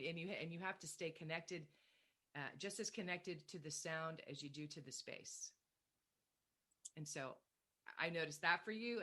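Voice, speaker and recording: A woman voice coach, a guest on a podcast, explaining in a measured, casual way. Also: on the low side, bright, forceful tone. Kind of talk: casual interview chat.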